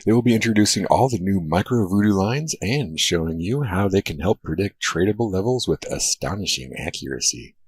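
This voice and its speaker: A man reading a scripted webinar introduction in a calm, smooth announcer delivery. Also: sits low, fairly quick, hardly any pauses, dry recording.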